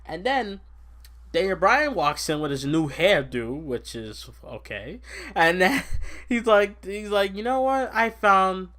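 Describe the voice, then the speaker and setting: Young man, fairly high voice, excitable, rambling, casual podcast chat. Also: takes it slowly. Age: young adult. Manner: excitable, rambling, laughs often. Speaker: podcast host. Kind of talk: casual wrestling recap chat.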